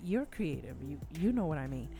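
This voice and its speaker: A woman's voice: deep voice, big pitch swings, brisk, mellow, soft background music. A woman with a Spanish accent co-hosting a casual live stream, chatty and sometimes fumbling her words.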